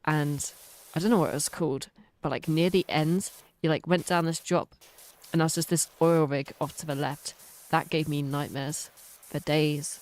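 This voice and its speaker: Low-voiced chatty British woman. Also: steady tone, normal speed, darkish tone. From United Kingdom. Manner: chatty, rambling tangents, self-mocking. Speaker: streamer. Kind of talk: casual chat while playing a game.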